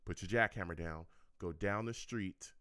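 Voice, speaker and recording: Deep, smooth and fairly bright, this man's voice moves at a normal speed on a dry, clean studio recording. He's finishing up a casual call-in episode of his own sports fan radio show, talking with energy, repeating himself, capping lines with "okay?" and "all right?", and joking with his chat.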